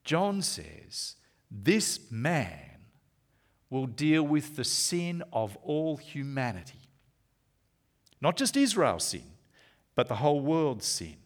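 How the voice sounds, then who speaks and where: An animated male preacher whose pitch leaps and falls as he teaches. He drives points home loudly, then slows to soft, near-whispered asides. His delivery has the steady rhythm of a sermon. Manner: animated, rises loud for emphasis, slows to hushed asides.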